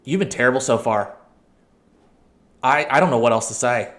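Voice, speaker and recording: A man hosting a let's-play, commentating a match with excitable outbursts, shouting at his players and correcting himself. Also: medium pitch, normal speed. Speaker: video game channel host.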